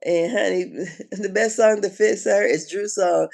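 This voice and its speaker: A woman chatting casually on a live stream, animated and slangy, often laughing and exclaiming. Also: mid-range voice, a little slow, gravelly. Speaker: reality TV commentator.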